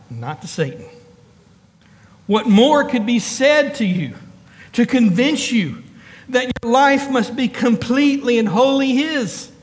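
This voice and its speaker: A man preaches as a pastor, his voice pitched extremely high and trailing a long reverb tail. He builds emphatic lists and calls out to the congregation, his calls rising with quick asides thrown in.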